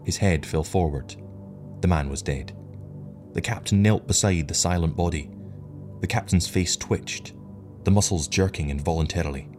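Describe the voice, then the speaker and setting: A man reading an audiobook story in a measured, even way, with faint music behind. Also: low voice. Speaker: narrator. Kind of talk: audiobook narration.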